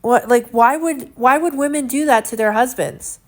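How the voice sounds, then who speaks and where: A woman's voice: sits high, normal speed. Indignant young woman chatting at home. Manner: earnest and indignant, rambling with many fillers. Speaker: vlogger. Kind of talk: casual chat to camera.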